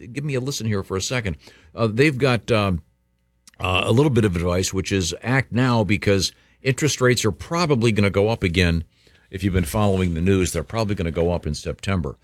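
Man, deep voice, dry studio mic, casual live-read ad, chatty. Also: no echo. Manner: loose, conversational, with fillers and restarts. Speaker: radio host reading an ad.

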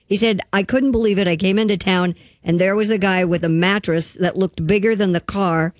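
A man's voice: sits high, fairly even intonation, a little fast, no room sound, studio quality. A man co-hosting a radio show, reading out a listener's story in an easygoing way. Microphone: studio microphone.

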